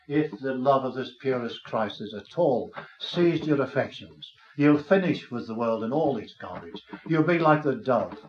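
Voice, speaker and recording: An older man preaching a sermon, earnest and tender, rising to fervent emphasis. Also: medium pitch. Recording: dull, roomy, slightly noisy recording.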